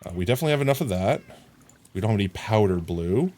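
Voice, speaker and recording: A man's voice: fairly low pitch, expressive, fast, a little mellow. A man casually narrating his game on a live stream, talking to chat and humming silly sound effects as he works.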